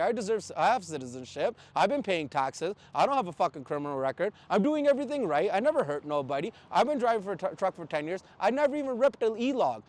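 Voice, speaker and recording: A man from Canada, a truck driver, ranting in blunt, profane casual talk with angry outbursts. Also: high voice. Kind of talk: heated casual rant.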